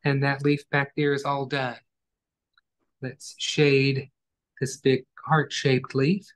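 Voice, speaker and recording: Man, art teacher, slow-paced, calm step-by-step demonstration, mid pitch. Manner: calm, step-by-step, gentle instructions. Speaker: painting instructor. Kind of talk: online painting class demonstration.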